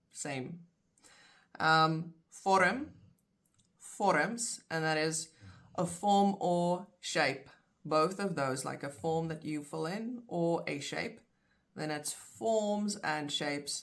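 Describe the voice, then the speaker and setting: Slow, low-voiced woman teaching vocabulary. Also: fairly bright tone. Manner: slow, careful, repeats words in pairs. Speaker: language teacher. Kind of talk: explaining vocabulary in a video lesson.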